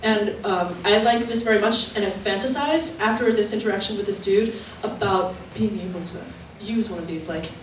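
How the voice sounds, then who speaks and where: A young woman doing a stand-up comedy set with a halting, chatty delivery full of fillers, often laughing at her own jokes. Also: mid-range voice, slight background noise. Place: comedy venue stage. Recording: roomy live-venue sound from a distance.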